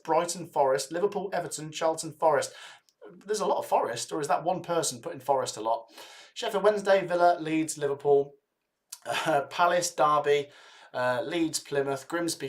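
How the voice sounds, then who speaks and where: An upbeat young man hosts a live football watch-along with a slightly high voice. He keeps urging viewers to like and comment, and he rattles off long lists of club names read from the chat in casual, chatty bursts. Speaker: livestream host.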